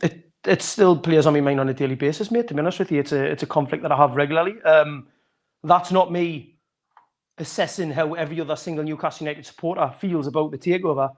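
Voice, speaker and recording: A middle-aged man speaking quickly in a slightly raised voice. He thinks out loud in long, rambling sentences and answers openly. He is heard over a video call. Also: on the high side. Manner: candid, reflective, talks in long rambling sentences. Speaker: guest from a fan podcast. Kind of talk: podcast interview answer.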